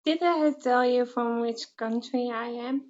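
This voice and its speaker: Female host from the Netherlands, casual interviewer, laughs a lot, high voice, slightly muffled call audio. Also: measured pace, darkish tone. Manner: laughs often, short questions.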